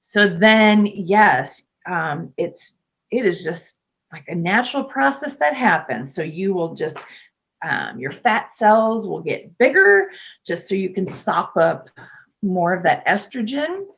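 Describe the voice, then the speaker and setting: A woman's voice: mid-range voice, very animated, takes it slowly, vocal fry. A middle-aged woman, a nurse, talking casually in an interview, chatty with frequent fillers and laughs. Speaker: nurse and podcast guest.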